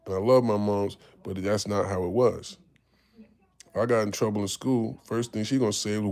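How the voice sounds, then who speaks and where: A man's voice: lowish voice, fairly even intonation, normal speed, a little mellow. A man, telling his life story in casual talk, candid and profane, acting out the voices of people he quotes. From Harlem, New York. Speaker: podcast host.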